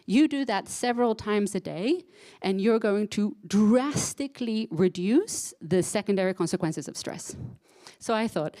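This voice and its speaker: A woman's voice: mid-range voice, lively intonation, unhurried, mellow. A woman psychotherapist giving a live conference talk, conversational and emotional, often checking in with the audience. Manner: conversational, engages audience with frequent "right?"; emotional, self-described crier.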